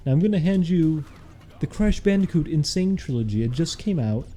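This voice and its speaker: Man putting on a patronizing therapist, prying questions, mock clinical tone, raised pitch, mellow timbre. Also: expressive, normal speed.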